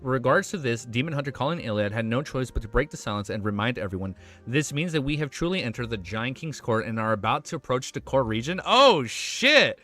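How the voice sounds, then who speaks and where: A young man livestreaming, chatting casually with his chat and reading a web novel aloud, excitable and swearing freely. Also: medium pitch, quick pace, hardly any pauses, soft background music.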